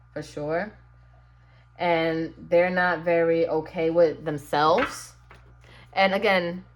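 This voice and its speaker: Brief: lower-voiced woman, casual tarot reader, chatty and sassy, addresses the viewer directly. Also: slight background noise. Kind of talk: casual tarot reading to camera.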